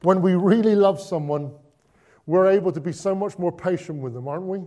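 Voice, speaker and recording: A man giving a conversational Christmas sermon, moving between hushed and excited delivery with lots of repetition. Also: sits high, fairly quick. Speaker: preacher.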